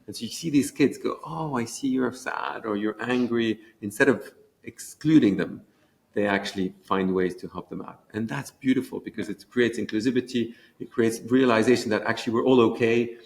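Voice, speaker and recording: A fast, eager man talks about a program he built, often restarting his sentences. His voice sits a little low and carries a gravelly edge. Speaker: education program creator. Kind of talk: conference interview chat.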